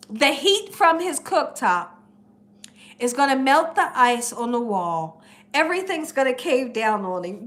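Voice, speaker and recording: A high, bright woman's voice, swooping up and down as she chats. She tells animated stories to her livestream viewers and laughs often. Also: unhurried. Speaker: cooking channel host. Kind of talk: casual livestream chat reading comments.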